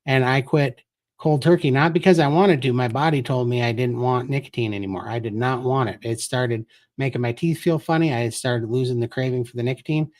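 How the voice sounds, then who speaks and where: A man's voice: mid-range voice, fairly quick. A man as a guest on a live-stream chat, talking earnestly and explaining things step by step. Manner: earnest, explanatory, tells his story.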